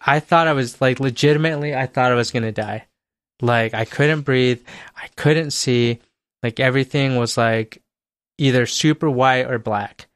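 A young man's smooth, resonant voice sits right up front with no room around it. He tells stories in casual, laid-back chat and swears freely. He sounds like a regular podcast co-host. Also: mid-range voice, moderate pace, no room sound, clean studio sound.

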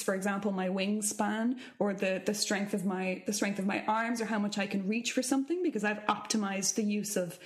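A woman talks through vocal technique like a coach in a relaxed chat. Her voice sits at an ordinary mid pitch. She often restarts sentences as she works out each point. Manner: explanatory, thinking aloud with restarts. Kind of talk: casual podcast chat.

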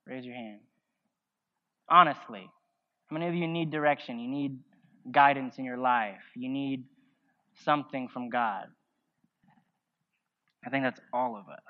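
A man's voice: mid-range voice, unhurried, pauses often. A man preaching a sermon, reading scripture and telling a personal story while asking the congregation questions. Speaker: pastor. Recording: dull lo-fi sound with faint music.

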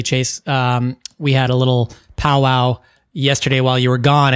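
Thoughtful, measured male podcast co-host. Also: medium pitch, a bit bright, dry recording, clean studio sound. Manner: thoughtful, measured, frequent ums. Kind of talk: casual podcast chat.

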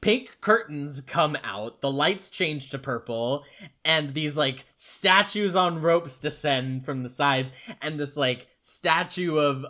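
A man in casual conversation, animatedly retelling moments from a video game and laughing as he talks. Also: mid-range voice. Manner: animated storytelling, laughs while talking.

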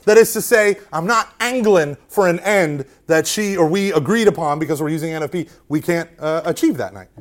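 A man in his thirties, a Catholic speaker, giving a joking, animated storytelling talk to an audience. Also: fairly high pitch, fairly quick, hardly any pauses. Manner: animated, joking, self-deprecating.

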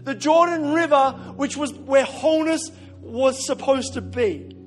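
High-voiced man preaching a conversational sermon. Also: measured pace, soft background music. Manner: conversational storytelling, self-deprecating, repeats words when searching. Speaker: pastor.

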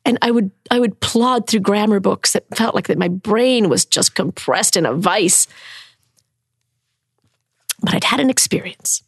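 A woman's voice: medium pitch, measured pace, long pauses, breathy edge, no room sound, clean studio sound. A woman from the American South telling personal stories in conversation, acting out voices and dropping to whispers. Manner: expressive, acts out quoted voices, drops to whispers. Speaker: storyteller.

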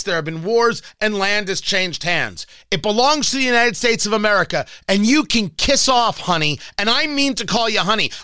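A man's voice: very high-pitched, pushed and bright, no echo, studio quality. A man hosting a political talk radio show, delivering a combative, sarcastic monologue with emphatic swings.

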